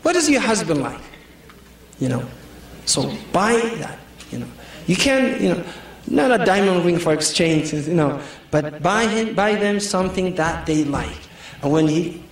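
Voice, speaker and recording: High-voiced man joking in an echoey hall. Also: slight background noise. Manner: jokey, storytelling, full of "you know". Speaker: Islamic speaker. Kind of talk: humorous sermon to a community audience. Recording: echoey hall, mic far off.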